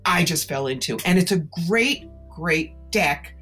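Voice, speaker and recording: A psychic and tarot-reading author talks in an interview with an animated, persuasive storytelling drive. Her voice sits very low for a woman. She leans hard on her key words. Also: measured pace, husky, soft background music. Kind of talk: interview conversation.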